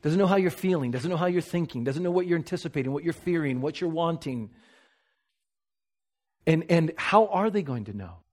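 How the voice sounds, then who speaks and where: A man preaching a sermon, earnest, moving between slow, soft emphasis and quick asides. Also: on the high side.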